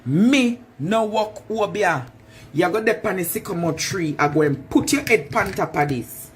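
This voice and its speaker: A woman's voice: on the low side, expressive, normal speed, a little hiss or hum. A Jamaican woman in a taunting, preacher-like monologue, repeating her phrases for effect. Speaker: vlogger. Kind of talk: confrontational monologue.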